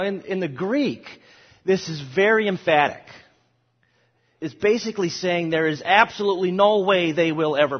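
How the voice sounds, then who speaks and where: A man's voice: a little high, husky. A man teaching a Bible course, lecturing emphatically and rising on quoted verses, with frequent restarts. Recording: dull audio in a long-echo hall.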